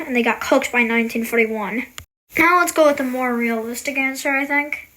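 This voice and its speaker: A woman's voice: high-pitched, a bit bright. A woman casually explaining history in a rambling, slangy, offhand way. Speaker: video creator.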